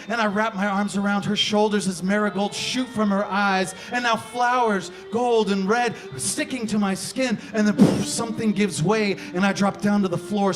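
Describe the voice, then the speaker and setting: A man performing an explicit spoken word poem, theatrical, moving from hushed lines to shouts. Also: high-pitched. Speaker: slam poet.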